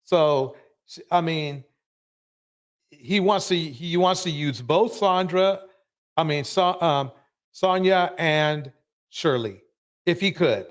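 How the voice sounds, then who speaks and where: Guy hosting a live stream, ranting hard, voice kinda high for a man. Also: takes it slowly, pauses often. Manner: emphatic, ranting, repeats himself. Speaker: live show host. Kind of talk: live commentary on a reality show.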